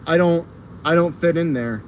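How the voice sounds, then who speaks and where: A man's voice: fairly high pitch, moderate pace, slight background noise. A man livestreaming outdoors on a fire escape, rambling and swearing casually, laughing often and trailing off into ums and uhs. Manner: rambling, profane, laughs a lot, trails off in fillers. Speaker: streamer.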